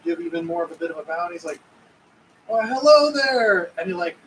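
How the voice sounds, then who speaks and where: A man's voice: a little high, completely flat delivery, racing, recorded from a distance, over music, low-quality recording. A man narrating as game master, rambling and searching for words.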